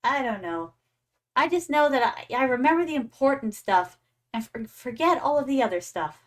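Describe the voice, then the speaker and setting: A woman's voice: high-pitched, expressive, normal speed. A young adult woman streaming a game, chatting playfully and calling her viewers "my darlings". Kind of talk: casual gaming stream chat.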